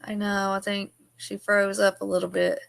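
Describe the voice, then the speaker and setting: A woman's voice: mid-range voice, flat delivery, moderate pace, gravelly, a bit bright. A woman hosting a casual video call interview, reacting briefly to her guest. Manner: short reactions and laughs. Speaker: podcast host.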